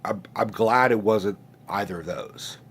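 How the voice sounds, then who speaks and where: A man's voice: lowish voice, unhurried, fairly bright tone, breathy edge. A man in his late twenties who sounds stuffed up from a sinus infection, hosting a casual, profane, rambling rant with many restarts. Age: late 20s. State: congested, stuffed-up nose. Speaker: host.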